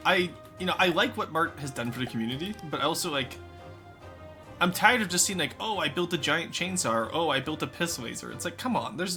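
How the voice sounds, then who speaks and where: A man's voice: on the high side, sharp tone. A man streaming live, chatting casually with his chat while building in a game, rambling and swearing freely.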